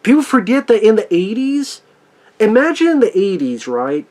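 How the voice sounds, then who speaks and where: A man's voice: high-pitched, wildly swooping pitch, moderate pace, darkish tone. A man ranting angrily and sarcastically in a profane movie review.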